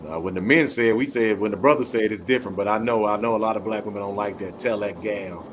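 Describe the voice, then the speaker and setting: A man's voice: lowish voice, rapid-fire, background noise. A man with a Southern US accent hosting a casual late-night talk show, laughing and telling stories full of folksy sayings. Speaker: host.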